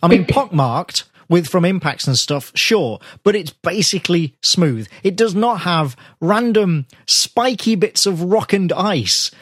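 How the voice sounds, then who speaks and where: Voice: medium pitch, animated, unhurried, few pauses, breathy edge, dry recording, studio quality. A co-host in a casual movie chat who laughs often and nitpicks the science. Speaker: podcast co-host.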